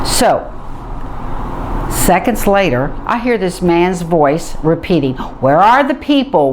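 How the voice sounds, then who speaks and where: A middle-aged woman vividly retelling a personal story, acting out what people said. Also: fairly low pitch. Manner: vivid, animated retelling with acted-out quotes.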